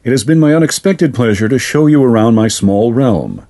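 A man voicing a courteous, sinister male fairy lord in a storybook reading, formal and measured. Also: medium pitch, expressive, dark tone, pitched above the performer's own voice, lightly acted. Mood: courteous menace. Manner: formal, measured, silkily polite.

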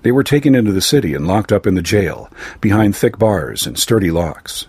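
Here a male narrator reads a fantasy tale from a script, his low voice carrying a slight huskiness and his pace steady and even. The sound is close and dry, free of any room ambience.

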